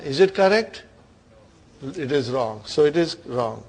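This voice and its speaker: A man teaching Quranic Arabic grammar with a South Asian English accent. He rattles off verses fast, then explains slowly in English and keeps checking in with "are you with me, brothers and sisters?". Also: mid-range voice, lively intonation, vocal fry, darkish tone. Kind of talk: classroom lesson on Quranic grammar.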